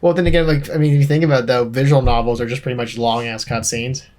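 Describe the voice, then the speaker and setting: A man's voice: medium pitch, steady tone, quick pace, darkish tone. A man co-hosting a let's play, chatting casually and a bit hesitantly about games. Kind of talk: casual chat while gaming.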